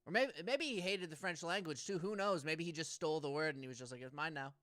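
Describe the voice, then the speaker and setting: A man's voice: a little high, expressive, quick pace, sharp tone, no echo, studio quality. A young man co-hosting a casual comedy podcast, rambling and stammering through restarts. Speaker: podcast co-host.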